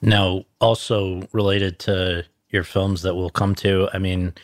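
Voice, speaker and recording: A man's voice: deep voice, flat delivery, slow pace, dry recording. A man interviewing a filmmaker, setting up long, winding questions.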